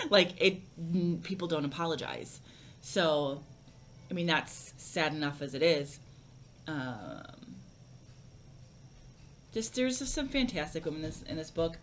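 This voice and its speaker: A woman's voice: deep voice, expressive, slow pace, pauses often, a little hiss or hum. A young woman vlogging a casual book review, rambling with lots of fillers and restarts.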